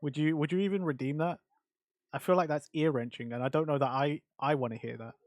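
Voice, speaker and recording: A male streamer talks casually to his chat, rambling along with plenty of fillers and restarts. His voice sits a little high for a man. The sound is close and dry, with no room echo. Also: steady tone, quick pace, a little mellow. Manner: chatty and rambling, answers chat with many fillers.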